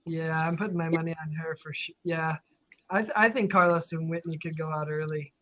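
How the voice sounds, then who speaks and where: A man with a high voice hosts a casual livestream chat over a video call, loose and chatty, laughing easily. The audio is dull and lo-fi, with a faint hiss underneath. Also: fairly even intonation, a little fast, bright, forceful tone. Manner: chatty, laughs often, many fillers. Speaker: live stream host. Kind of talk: casual chat reading viewer questions.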